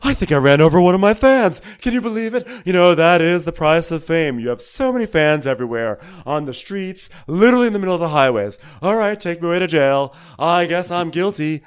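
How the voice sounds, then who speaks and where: A man putting on a vain, dramatic socialite woman, speaking high and theatrically. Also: animated, a little fast, hardly any pauses, clean tone, lightly acted. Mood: grandiose.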